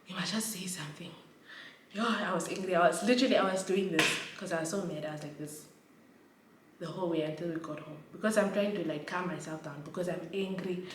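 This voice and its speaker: A woman's voice: fairly low pitch, quick pace. Woman, casual vlog storytelling, emphatic, echoey room, faint background hum. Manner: animated, emphatic retelling. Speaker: vlogger. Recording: roomy echo, distant from mic.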